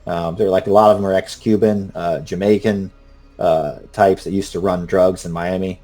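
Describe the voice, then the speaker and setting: A man's voice: sits low, fairly even intonation, normal speed, dark tone, soft background music. A man running a tabletop game as game master, narrating in a loose, rambling way with many fillers.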